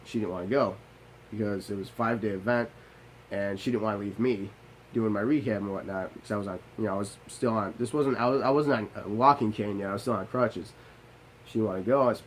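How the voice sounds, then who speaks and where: A man's voice: on the low side, quick pace, slight background noise, rough recording. Blunt, foul-mouthed young man telling his story. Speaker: Navy veteran telling his own story. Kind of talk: candid personal storytelling monologue.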